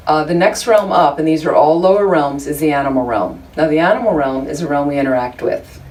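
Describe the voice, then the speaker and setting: Brisk and a little mellow, a low-voiced woman leads a Buddhist study group in informal, joking dharma teaching, chatting with frequent asides to the few listeners in the room. She is recorded from a distance, with faint background hiss.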